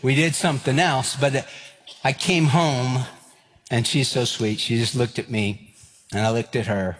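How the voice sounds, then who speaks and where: A man, preaching a sermon and telling stories with lively acted-out voices. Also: medium pitch, measured pace, a little hiss or hum. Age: 50s. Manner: animated, acts out quoted voices and escalating lines. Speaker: pastor. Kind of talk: sermon with storytelling. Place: church sanctuary. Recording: long hall reverb.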